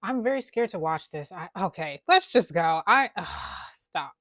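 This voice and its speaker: A woman's voice: fairly low pitch, lively intonation, a little slow, a bit bright, no echo, studio quality. A woman hosting a casual reaction video, rambling playfully, laughing often and talking to an unseen friend. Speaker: YouTube reaction host. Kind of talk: casual reaction vlog chat. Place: home room at her computer. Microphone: computer setup with camera.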